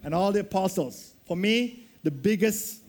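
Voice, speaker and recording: A man delivering a sermon with a fairly high voice. He tells the story with animation, dropping low and rising high as he acts out the characters' lines. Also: lively intonation, moderate pace, a little mellow. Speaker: preacher.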